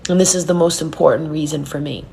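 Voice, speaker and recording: A woman speaking earnestly and from the heart to her online followers during a live reading, sometimes slowing into soft, hushed phrases. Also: sits low, steady tone, gravelly, a little hiss or hum. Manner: earnest and heartfelt, speaks softly and slowly at times. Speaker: spiritual reader and numerologist. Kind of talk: live-stream talk to followers.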